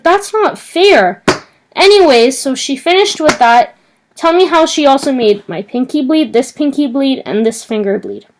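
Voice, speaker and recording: Agitated young woman ranting in a vlog. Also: sits high. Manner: agitated, indignant storytelling. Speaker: vlogger. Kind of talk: casual vlog rant.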